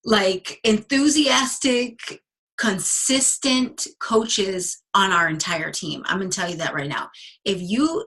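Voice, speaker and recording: A woman guest speaker delivers a motivational talk to a coaching team, in a bright, forward voice. Her tone carries a slight husk, and she talks in a casual, chatty way with plenty of restarts. She leans hard on key words, stretching them out for emphasis. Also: medium pitch, breathy edge, poor audio. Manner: enthusiastic and emphatic, slowing down to stress key words.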